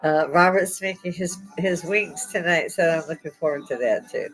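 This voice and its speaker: Hosting her own channel, a middle-aged woman with a fairly low voice rambles casually to viewers at normal speed. She sounds sore and on the verge of tears, yet laughs a lot and jokes irreverently. Faint music plays quietly behind her, and the audio is poor.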